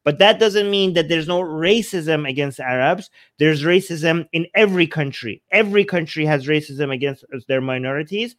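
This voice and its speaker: A man's voice: on the high side, dry recording. A man hosting a casual reaction chat, talking earnestly with frequent restarts. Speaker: host.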